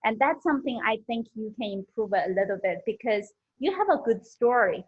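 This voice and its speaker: A woman giving a friendly, halting speech evaluation at an online club meeting, with many fillers, over a video call. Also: a little high, expressive, husky. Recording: dull lo-fi video call audio.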